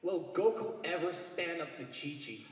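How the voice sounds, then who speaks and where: A man's voice: fairly high pitch, animated, normal speed, heavy background noise. A man in the audience asking a panel a long, rambling question, eager and full of fillers. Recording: echoey convention hall, distant PA mic.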